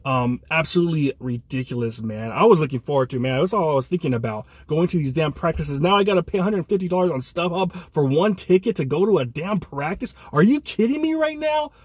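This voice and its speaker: A man's voice: a little high, fast, few pauses, breathy edge, no room sound. A man co-hosting a fan podcast, ranting angrily and ending phrases with "man". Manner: angry ranting, repeats "man". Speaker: podcast co-host.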